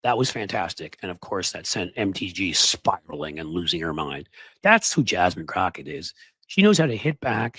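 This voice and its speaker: A man hosting political commentary in a sarcastic, mocking, animated way. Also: deep voice, slightly rough, no echo.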